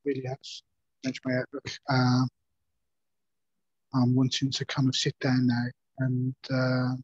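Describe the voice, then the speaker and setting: A man in a meditation course sharing a personal reflection over a video call, earnest and halting, his voice a little hoarse. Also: medium pitch, monotone, a little mellow, dry recording. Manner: halting, many fillers and restarts, earnest. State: slightly hoarse. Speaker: course participant. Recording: dull, dry lo-fi call audio.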